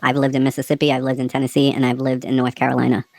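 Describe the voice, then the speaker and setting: A woman's voice: very deep voice, monotone, no room sound, rough recording. A woman with a Boston accent, ranting angrily and cursing on a livestream panel. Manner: angry, profane, rapid rants. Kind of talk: heated livestream panel talk.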